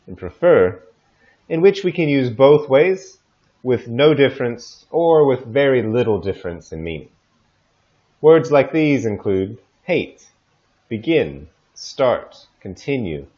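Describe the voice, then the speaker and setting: A man teaching pronunciation, slowly modeling example phrases into a desk microphone. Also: medium pitch, darkish tone, highs cut off. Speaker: English teacher. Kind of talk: pronunciation lesson. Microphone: desk microphone recorded in audio software.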